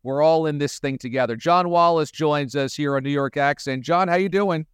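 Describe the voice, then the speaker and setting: A man's voice: on the high side, moderate pace, smooth, dry recording, clean studio sound. A podcast host interviewing a guest, chummy and enthusiastic as he asks his questions. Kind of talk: casual interview.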